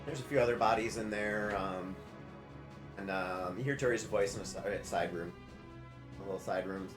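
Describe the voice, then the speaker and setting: Male game master, halting narration, echoey room, music playing behind. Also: on the low side. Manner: hesitant, full of fillers. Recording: roomy sound with music behind.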